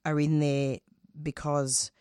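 A woman's voice: sits low, little pitch movement, warm tone, clear, resonant tone, no echo, clean studio sound. A middle-aged woman, a radio host, speaking passionately as an interview guest, often breaking off and restarting her sentences. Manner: passionate, halting, with frequent restarts. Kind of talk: conversational interview.

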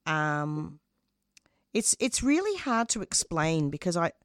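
This deep, sing-song voice belongs to a middle-aged radio host appearing as a guest in a conversational interview. She talks with passion but haltingly, frequently breaking off to start her sentences over, and the studio-quality audio has no echo.

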